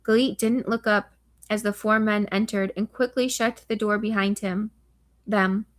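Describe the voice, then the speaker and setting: A woman's voice: mid-range voice, steady tone, unhurried. A woman narrating a thriller novel as an audiobook, reading steadily with occasional slips and restarts.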